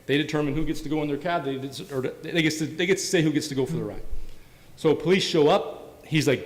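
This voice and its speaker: A man's voice: fairly high pitch, quick pace. A man from Canada, a police officer on a community panel, telling stories in an earnest, anecdotal way and often ending lines with "right?". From Windsor, Canada. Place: event hall. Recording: long hall reverb.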